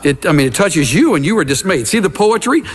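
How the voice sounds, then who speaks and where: A middle-aged pastor preaches in a loose, storytelling way, with a slightly raised voice that swings widely up and down. His tone is husky and a little breathy. A long reverb trails behind him, as in a big church hall. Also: sits high, a little fast. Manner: animated storytelling, acting out scenes with gasps and asides. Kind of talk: conversational sermon.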